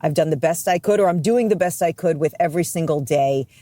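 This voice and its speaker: A woman's voice: sits low, fast, dark tone, no room sound, clean studio sound. A woman from the East Coast, a radio host appearing as a guest, speaking reflectively and earnestly in a candid interview. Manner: reflective, earnest, self-deprecating.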